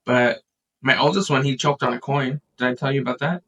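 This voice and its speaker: A man in a casual podcast chat, telling a family story with lively acted-out quotes. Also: mid-range voice, a little fast, distant mic, highs cut off. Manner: animated storyteller, acts out quotes.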